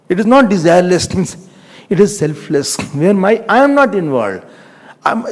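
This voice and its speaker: Indian accent guy preaching, tells stories and chuckles a lot, pitchy and echoey, like a big hall. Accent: Indian English. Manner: animated, chuckling storyteller, quotes scripture. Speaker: spiritual teacher. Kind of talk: storytelling religious discourse. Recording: reverberant lecture hall.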